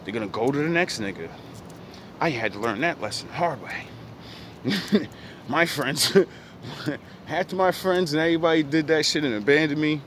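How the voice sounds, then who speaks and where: Rambling, profane man with a slightly high voice. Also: normal speed, long pauses, a bit bright, slight background noise. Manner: rambling, profane street slang. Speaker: vlogger. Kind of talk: casual reflective monologue.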